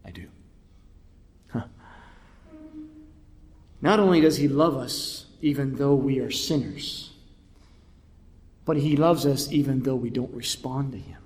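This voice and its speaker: A man preaching a sermon with dramatic swings between hushed whispers and loud cries. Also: medium pitch, slow pace, pauses often. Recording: echoey hall.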